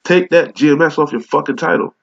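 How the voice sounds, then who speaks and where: A man's voice: a little high, fast talker, creaky. A man with a cold preaching an angry, profane rebuke, reading scripture aloud in old English. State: sick with a cold. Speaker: street preacher. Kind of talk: confrontational rebuke sermon. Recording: dull lo-fi recording.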